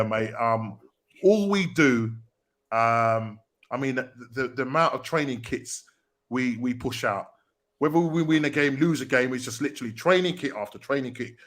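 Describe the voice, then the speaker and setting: A man co-hosting a podcast in casual football chat, with a quick, chatty manner. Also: medium pitch, a bit bright. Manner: chatty, quick back-and-forth with fillers. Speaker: podcast co-host.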